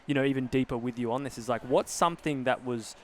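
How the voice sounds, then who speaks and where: Ein Mann moderiert einen lockeren Podcast, ernsthaft und nachdenklich, mit vielen Füllwörtern und Neuansätzen. Seine Stimme liegt in mittlerer Höhe, und hinten ist ein leises Raumrauschen zu hören. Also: male voice, mid-range voice, quick pace, a little hiss or hum. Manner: earnest, many fillers and restarts, reflective. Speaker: podcast host. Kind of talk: casual conversational interview.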